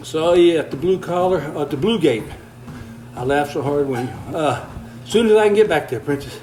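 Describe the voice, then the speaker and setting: Faint music plays behind an older man whose voice runs on the high side, expressive and a little mellow, at a normal pace. He chats casually on a livestream, reading viewer comments while walking on a treadmill, slightly out of breath, folksy and easygoing, chuckling often. The audio is poor.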